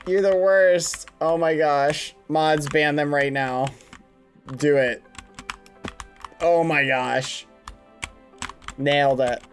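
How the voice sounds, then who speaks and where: An excitable streamer chats to viewers while gaming, drawing words out at an unhurried, slow pace. Faint music plays underneath. The voice swings between weary groans and sudden high-pitched shrieks. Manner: talks straight to chat, thanks viewers. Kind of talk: casual live-stream gaming chat.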